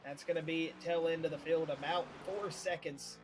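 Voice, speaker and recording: A man calls a sim race in an easygoing, filler-heavy way. His voice sits slightly high. Steady engine noise rumbles behind him. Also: moderate pace. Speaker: race commentator. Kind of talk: sim racing play-by-play commentary.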